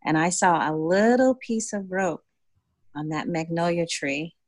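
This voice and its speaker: A middle-aged woman tells a personal story in an easy conversational way. Her voice sits slightly low, and she livens it up by acting out the other people as she quotes them. The recording is close and dry. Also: measured pace, dry recording. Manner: animated storyteller, acts out voices in dialogue. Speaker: community developer and guest.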